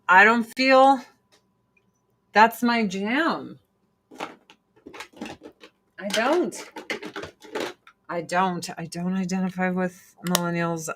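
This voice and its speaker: A woman's voice: fairly low pitch, vocal fry, a bit bright, slight background noise. A woman in her forties chatting casually to her viewers, blunt and profane, breaking off to scold and coo at her cats. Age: 40s. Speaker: vlog host. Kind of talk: casual livestream chat.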